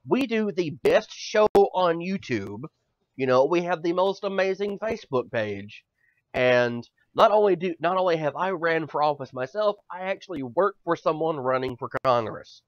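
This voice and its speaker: A man's voice: a little high, lively intonation, normal speed, no room sound. A man in his thirties co-hosting a casual comedy podcast, loose and profane, swinging between mock boasting and joking gloom. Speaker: podcast co-host. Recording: dull, lo-fi, dry podcast audio.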